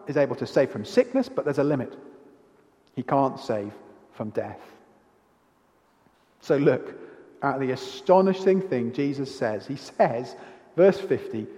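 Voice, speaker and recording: Preacher guy, fairly high voice, echoey church hall. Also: darkish tone. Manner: expository, asks the congregation questions. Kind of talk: sermon.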